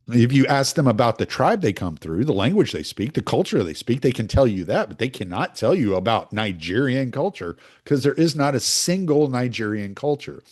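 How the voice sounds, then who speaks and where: A man's voice: mid-range voice, moderate pace. A man talking through his views in a casual, rambling monologue, often restarting his sentences. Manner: animated, rambling, with frequent restarts.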